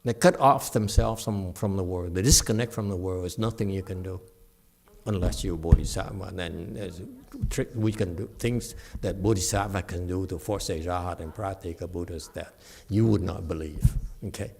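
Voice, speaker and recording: A man's voice: sits low, normal speed, gravelly. A man teaching a conversational Buddhist lecture in a temple hall, with chuckling asides to his listeners. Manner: animated, chuckling asides to the audience.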